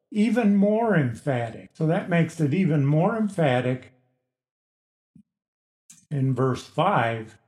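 A male pastor teaches through scripture in a slow, measured cadence, leaning hard on key words. His pitch sits a little high and swings widely as he stresses each point. The sound carries the echo of a large room. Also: a little mellow. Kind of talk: expository sermon.

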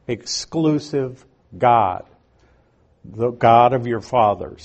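A man giving a Bible lesson in an unhurried, explanatory way, reading scripture aloud and stressing key words, with a few dry asides. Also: medium pitch, a little mellow. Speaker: Bible teacher. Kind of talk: Bible teaching.

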